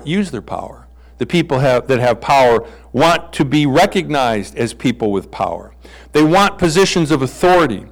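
A man's voice: fairly high pitch, low-quality recording. A middle-aged male pastor giving a conversational sermon, playfully acting out bible characters in comic voices.

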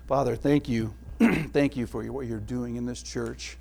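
A middle-aged male pastor giving a sermon, telling family stories with laughs and dropping to a hushed tone for prayer. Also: mid-range voice, fairly even intonation, unhurried, creaky, hardly any pauses.

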